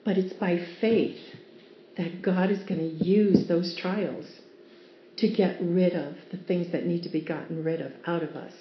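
A woman's voice: fairly low pitch, fairly even intonation, normal speed, slight background noise. A woman giving a devotional Bible teaching, earnest and storytelling, sometimes laughing as she explains. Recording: roomy, dull lo-fi sound with faint ambience.

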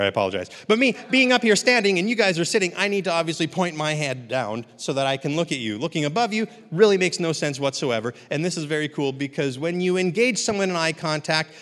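A man's voice: fairly high pitch, a bit bright. A man leading a live puppetry workshop for a seated audience, upbeat and encouraging, with running jokes. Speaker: puppetry instructor. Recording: long hall reverb, speaker off mic.

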